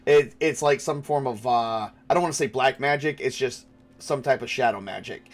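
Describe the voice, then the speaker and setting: A man's voice: medium pitch, moderate pace. A man running a tabletop game as game master, thinking aloud with many fillers and restarts.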